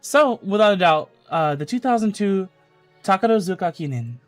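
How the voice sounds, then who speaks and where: A man's voice: sits high, animated, normal speed, faint music behind. A male streamer chatting loosely and swearing freely, then reading fan fiction aloud. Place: home streaming setup.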